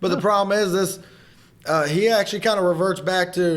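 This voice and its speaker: Blunt, fairly high-voiced man. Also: a little fast, a bit bright. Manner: blunt, opinionated, swears casually. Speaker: podcast co-host. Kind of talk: casual movie review chat.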